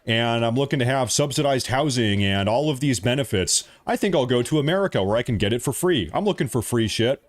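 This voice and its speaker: A man's voice: mid-range voice, lively intonation, fairly quick, few pauses, lightly acted. A man putting on a whiny, greedy voice of an imagined newcomer, mocking him.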